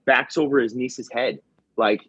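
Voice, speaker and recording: A man who works as a firefighter telling work stories on a podcast, animated and slangy, acting out what people said. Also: mid-range voice, a little slow, breathy edge, no echo. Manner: animated storyteller, acts out quotes, says bro and man a lot. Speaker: firefighter and comedy video creator, guest. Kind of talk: casual podcast storytelling. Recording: dull lo-fi sound.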